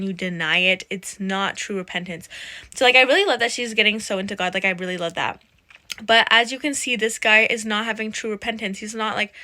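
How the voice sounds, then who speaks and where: A woman's voice: medium pitch, sharp tone. A woman hosting casual reaction commentary, chatty and preachy, repeating her points to the viewers. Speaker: commentary host.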